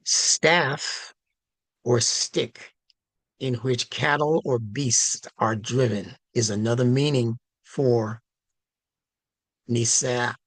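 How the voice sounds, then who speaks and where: Slow, deliberate male instructor. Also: mid-range voice, steady tone, fairly bright tone, no echo. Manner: slow, deliberate, emphatic teaching. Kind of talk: religious language lesson.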